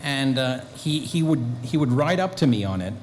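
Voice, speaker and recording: A man, a guest actor and author, telling lively anecdotes at a convention Q&A, acting out bits of dialogue. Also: mid-range voice, moderate pace, slight background noise. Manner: animated storyteller, acting out quotes. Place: convention hall.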